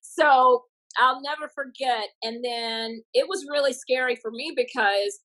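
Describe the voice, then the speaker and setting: A woman comedian from a small Texas town tells her stories with plenty of bounce. Her voice sits a little high and rings bright and forceful. She slips into the voices of the people she quotes as she goes. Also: a little slow, rough recording. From Tatum, Texas. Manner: lively, acts out quotes in bursts. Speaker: comedian and guest. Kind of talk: animated storytelling.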